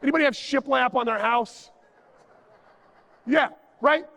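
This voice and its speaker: A man's voice: very high voice, a little slow, vocal fry, pushed and bright. A man giving a jokey, sarcastic conference talk on stage, acting out little dialogues as he goes. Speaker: conference speaker. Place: large conference hall. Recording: reverberant conference hall.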